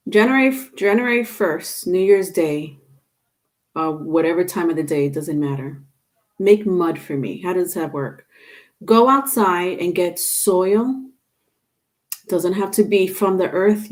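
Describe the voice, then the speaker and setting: A tarot reader with a lowish voice and darkish tone gives her viewers a casual reading. She's chatty and instructive, with many fillers and restarts.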